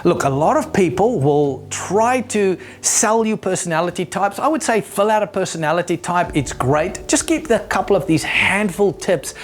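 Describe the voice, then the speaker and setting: Lively male sales trainer. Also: on the high side. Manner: animated, acts out quoted people in raised voices; repeats words when thinking aloud. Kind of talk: presenting a lesson.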